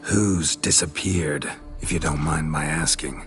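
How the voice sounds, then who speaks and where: Deep gruff terse monster hunter. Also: male voice, a little slow, faint music behind. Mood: dry. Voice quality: gravelly, terse, deadpan. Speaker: witcher, hired monster hunter. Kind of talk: video game voice acting.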